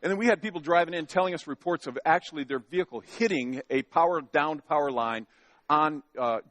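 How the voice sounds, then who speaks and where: Folksy joking pastor, bright voice. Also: male voice, on the high side, fairly quick, dry recording. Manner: folksy and joking, with many restarts. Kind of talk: sermon. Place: church sanctuary.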